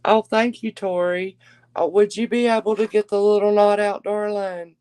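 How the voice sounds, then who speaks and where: A woman's voice: mid-range voice, level tone, moderate pace, smooth, no room sound. A woman hosting a live-stream jewelry auction, chatting with viewers and calling them darling. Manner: chatty, warm endearments to viewers.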